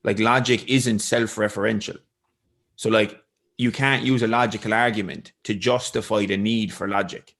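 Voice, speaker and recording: Brief: man, low voice, thoughtful co-host chat. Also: steady tone, moderate pace, fairly bright tone. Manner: reflective, philosophical musing. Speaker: podcast co-host. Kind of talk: casual conversational chat.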